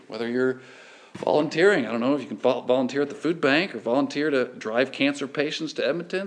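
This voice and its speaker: A pastor, preaching an earnest, measured sermon and reading scripture aloud. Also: male voice, mid-range voice.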